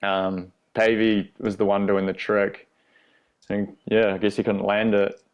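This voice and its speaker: A man's voice: lowish voice, flat delivery, unhurried, dull audio. A young Australian man, a skateboarder guest, telling stories in a laid-back way, swearing freely and laughing through them. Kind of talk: casual storytelling.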